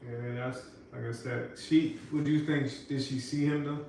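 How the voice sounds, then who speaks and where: Gravelly man in an echoey room. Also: mid-range voice, steady tone, normal speed, a little mellow. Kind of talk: casual recap chat. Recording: echoey room, mic at a distance, noisy.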